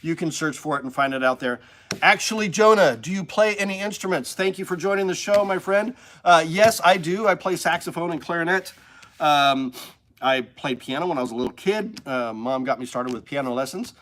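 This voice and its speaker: Male live-stream host, slightly high voice, eager and emotional, chatting with viewers. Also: brisk, fairly bright tone. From Missouri Ozarks. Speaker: livestream host. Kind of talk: casual live-stream chat. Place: indoors with a shelf.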